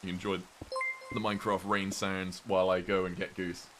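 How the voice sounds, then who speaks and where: A man's voice: low voice, flat delivery, normal speed, over music. A British man streaming a game, chatting casually and rambling as he reads viewer messages aloud. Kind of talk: casual gameplay chat.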